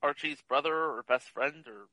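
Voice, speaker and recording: A man's voice: on the high side, normal speed, pushed and bright, no room sound, highs cut off. A man co-hosting a casual movie chat podcast, teasing and wry. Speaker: podcast co-host.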